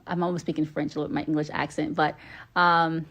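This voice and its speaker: Speaking low and level at a moderate pace, this Atlanta, Georgia woman has a fairly bright tone on a lo-fi recording. She's casually chatting on a phone livestream, answering fan questions with lots of ums, chatty and playfully trading accents.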